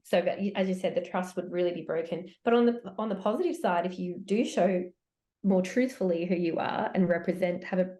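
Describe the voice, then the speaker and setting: A woman talking as a guest on a podcast, giving branding advice in a chatty, animated way with quick restarts. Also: lowish voice. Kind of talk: casual podcast chat.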